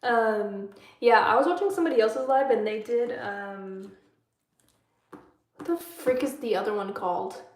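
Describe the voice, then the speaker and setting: A woman's voice: a little high, measured pace. A young adult woman hosting a casual live stream, chatting with viewers, answering their comments and laughing often. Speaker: livestream host. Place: room at home, bedtime routine. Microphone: phone livestream. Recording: echoey room.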